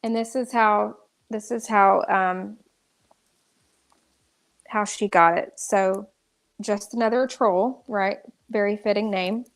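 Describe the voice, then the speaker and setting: A woman's voice: medium pitch, fairly even intonation, takes it slowly, pauses often. A woman ranting through live commentary, exasperated and restarting often. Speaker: drama commentary streamer.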